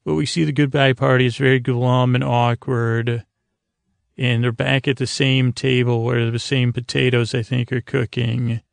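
A man's voice: mid-range voice, flat delivery, normal speed, creaky, no echo. A man hosting a podcast, casually retelling an episode in a rambling way, full of fillers and restarts. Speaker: podcast host.

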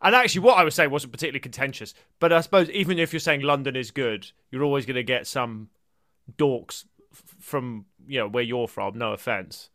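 A man's voice: mid-range voice, a little fast, a bit bright, no echo, clean studio sound. A man in his thirties co-hosting a podcast in casual comedic chat, jokey and sweary. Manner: jokey, sweary, does silly voices. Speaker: podcast co-host.

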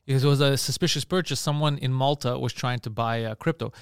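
A man's voice: mid-range voice, fast, clean tone, no echo, clean studio sound. A man co-hosting a podcast in casual chat, telling stories with lots of swearing and acted-out quotes. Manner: animated storytelling, swears freely, acts out quoted voices. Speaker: podcast co-host.

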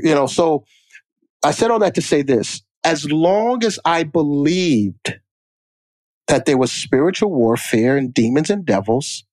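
A man's voice: medium pitch, darkish tone, no echo. A man co-hosting a podcast, telling personal stories emphatically and repeating lines for effect. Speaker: podcast co-host. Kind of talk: casual chat.

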